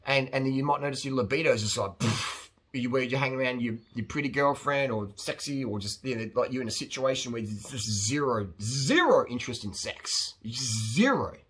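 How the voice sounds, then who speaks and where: Blunt, bright-voiced rambling man. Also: medium pitch, fairly quick, few pauses, husky. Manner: blunt, rambling, animated, acts out quoted voices. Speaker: host answering viewer questions. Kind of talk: casual advice monologue.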